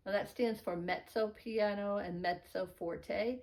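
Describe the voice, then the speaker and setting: A woman's voice: medium pitch, fairly even intonation, unhurried, few pauses, darkish tone. A middle-aged woman teaching a beginner piano lesson, explaining patiently and chanting note counts in an encouraging way.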